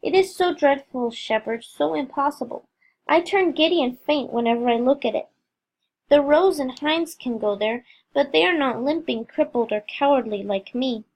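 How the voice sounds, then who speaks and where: A woman's voice: high-pitched, moderate pace, a little mellow. A woman voicing a timid, frightened young woman. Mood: pleading. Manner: pleading, trembling and tearful.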